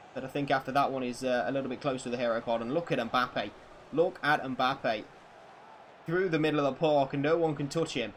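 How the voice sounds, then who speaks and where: A man streaming a football video game, calling the play like a commentator and chatting with viewers, excitable and prone to swearing and bursts of shouting. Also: mid-range voice, slight background noise.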